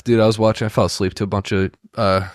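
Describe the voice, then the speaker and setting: Deep-voiced man telling a story, a little sick. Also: fast talker, dry recording, clean studio sound. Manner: animated storyteller, swears a lot, mimics voices. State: a little sick, slightly hoarse. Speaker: podcast co-host. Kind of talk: casual chat, storytelling.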